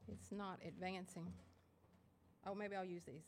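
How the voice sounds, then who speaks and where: A woman with an Appalachian Kentucky accent giving a lecture to an audience of writers, self-deprecating and halting, with many fillers and restarts. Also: on the low side, fairly even intonation, slight background noise. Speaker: guest lecturer. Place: lecture hall before an audience.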